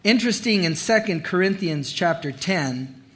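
Male pastor mid-sermon, higher voice with a bright edge, animated storyteller. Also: normal speed.

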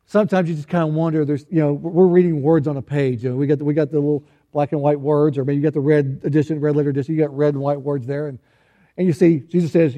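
A man delivers a relaxed, conversational sermon, teasing his congregation and tossing out rhetorical questions. His voice sits a little high for a man, with a soft, mellow tone. He often stumbles and restarts, repeating words as he thinks aloud. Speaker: pastor.

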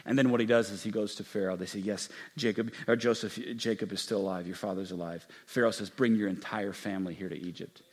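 A man preaching a sermon as a pastor. He swings from hushed, intimate passages to loud, emphatic ones and acts out quoted lines slowly and with stress. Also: on the low side, steady tone, breathy edge. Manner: acts out quoted speech with slow, drawn-out emphasis.

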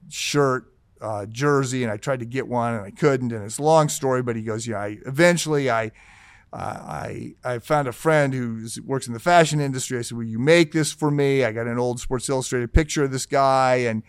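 A man's voice: mid-range voice, smooth, no echo. A man hosting a casual talk show, telling a long story with lots of "he goes" and restarts.

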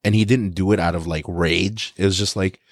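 A man's voice: sits low, fairly even intonation, brisk, dry recording. Profane storytelling man, dry close mic. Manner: profane, storytelling, imitates people he quotes. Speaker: podcast co-host. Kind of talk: casual chat.

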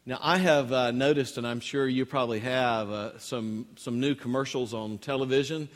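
A man's voice: mid-range voice, steady tone, normal speed, hardly any pauses, big-room sound. A man preaching a sermon in a conversational storytelling way, restarting his phrases as he goes. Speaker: pastor. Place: church.

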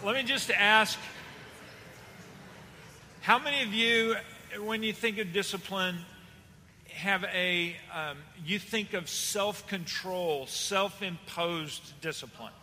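Man, Texan accent, pastor, folksy sermon, slow delivery, long hall reverb, faint background ambience. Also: high-pitched, bright, forceful tone, a little hiss or hum. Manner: folksy, chatty, with fillers and restarts. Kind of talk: sermon to a congregation.

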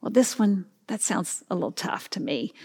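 A woman pastor preaching with earnest, reflective care. Her mid-pitched voice has a gravelly fry, and she lets her phrases fall away quietly at the ends. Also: lively intonation, moderate pace, in a whisper, in a large hall. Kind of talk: sermon.

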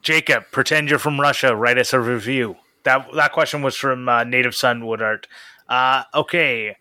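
A young man co-hosting a casual podcast chat, reading out listener questions and joking with quick laughs. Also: medium pitch, bright, forceful tone, no room sound. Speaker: podcast co-host.

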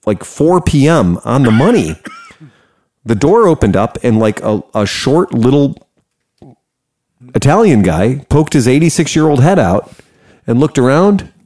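An American man casually telling a story, animated and profane, laughing often. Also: mid-range voice, measured pace, pauses often. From United States.

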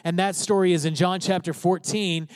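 A man with a notably high voice delivers a sermon, leaning hard on key phrases and asking his listeners whether they are with him. The sound is close and dry, with no room around it. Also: fairly even intonation, normal speed, smooth, no room sound. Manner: emphatic preaching, stresses key phrases, checks in with listeners. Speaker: pastor.

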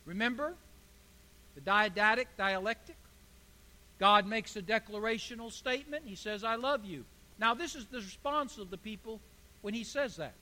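Preacher in an echoing hall. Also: male voice, high-pitched, moderate pace, bright, forceful tone. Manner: preaching with rising emphatic bursts. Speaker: pastor. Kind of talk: sermon. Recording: echoey hall.

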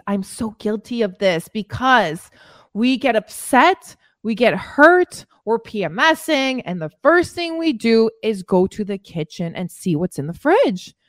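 Woman fitness coach, motivational podcast, high animated voice, dry close mic. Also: moderate pace, dry recording. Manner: emphatic, repeats phrases for stress.

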